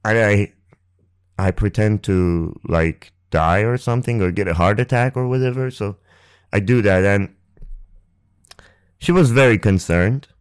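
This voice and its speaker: A young man hosting a podcast, telling a personal story on a close microphone in a halting, rambling way, with restarts and swearing. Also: lowish voice, clean tone. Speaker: podcast host. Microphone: close ASMR microphone.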